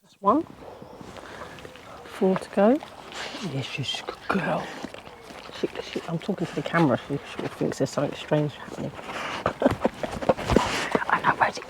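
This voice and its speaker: A woman chatting casually as a gardening vlogger, talking to her dog and now and then dropping to a soft whisper. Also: sits low, expressive, normal speed, pauses often, heavy background noise. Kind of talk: casual vlog chat. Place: outdoor allotment and a quiet home.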